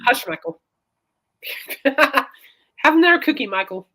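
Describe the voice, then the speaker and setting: A woman's voice: high voice, animated, slow, bright, forceful tone. A woman hosting a casual chat show, rambling and laughing often. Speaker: host.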